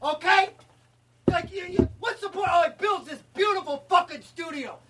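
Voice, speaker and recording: A ranting roommate in a comedy bit, shouting and swearing, as a man puts him on. His voice sits very high and strained. He is heard from a distance off the mic with faint noise behind. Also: normal speed. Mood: furious. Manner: shouting, swearing, theatrical outrage. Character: ranting male roommate, furious comedy fan. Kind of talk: comedy bit, acted rant.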